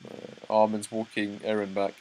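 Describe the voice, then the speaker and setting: Young male reactor with a low voice who reads panels aloud and trips over words. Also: normal speed, poor audio. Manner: reads dialogue aloud, breaks off into excited asides, stumbles and restarts. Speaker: manga reaction host. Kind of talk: live reaction read-through.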